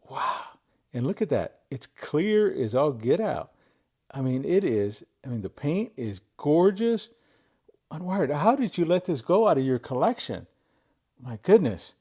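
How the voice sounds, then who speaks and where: A man chatting to the camera while he opens viewer mail of old tools. He is effusive, repeats his praise and fills pauses with "uh" as he thinks aloud in his garage. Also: fairly high pitch, big pitch swings, dark tone, breathy edge. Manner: thinks aloud with many fillers. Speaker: tool collector opening viewer mail. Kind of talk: casual unboxing chat to camera. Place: home garage.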